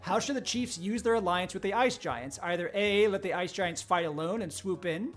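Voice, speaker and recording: A man's voice: high-pitched, moderate pace, faint music behind. A man hosting a live-streamed role-play game, reading out the story and joking with the players. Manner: upbeat, jokey, laughs often. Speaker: game host and narrator.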